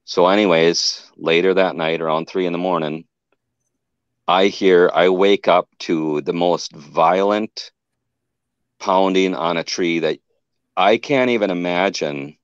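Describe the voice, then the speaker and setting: A very deep-voiced man tells his story in a loose, rambling way, backing up to fix details as he goes. The sound is dry and a little dull, like lo-fi call audio with no room echo. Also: a little slow, smooth. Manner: rambling, restarts and self-corrections. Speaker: guest telling an encounter. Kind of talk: casual storytelling.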